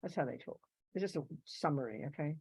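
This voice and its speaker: A woman teaching Buddhist philosophy to a live class, animated, swinging from loud emphatic bursts to soft asides and acting out little quoted voices. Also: deep voice, quick pace, husky, no room sound. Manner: acts out little quoted voices to make a point. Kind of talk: dharma talk to a live class.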